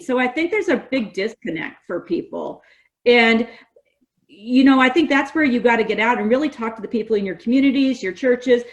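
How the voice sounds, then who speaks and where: A middle-aged woman from California, a guest on a podcast, talking in a lively, story-driven conversational way. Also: fairly high pitch, a little fast. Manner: animated storyteller, quotes others in lively voices. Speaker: guest, gas industry association representative.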